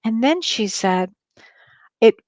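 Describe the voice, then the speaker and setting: A woman's voice: fairly high pitch, expressive, slow pace, no room sound. A woman co-hosting a livestream talk show, sharing a story in an earnest, eager way. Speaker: co-host. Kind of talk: casual chat on a livestream show.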